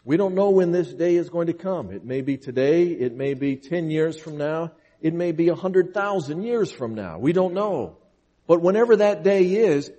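A man's voice: medium pitch, dark tone. A man preaching a sermon, reading scripture aloud and driving his points home with earnest, emphatic repetition. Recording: long reverb of a large hall.

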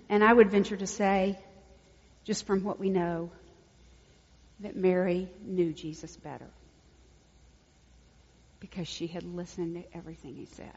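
A woman preaching a sermon, swinging from hushed, intimate lines to loud emphatic peaks. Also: fairly low pitch, fairly even intonation, a little slow, long pauses, husky. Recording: dull lo-fi recording with long hall reverb.

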